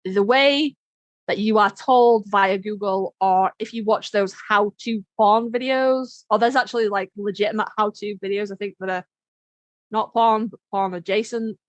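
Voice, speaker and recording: A woman's voice: mid-range voice, fairly even intonation, moderate pace, no echo. A woman hosting a podcast, explaining things in a frank, candid way, swearing and laughing easily. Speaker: podcast host. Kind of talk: casual explainer chat.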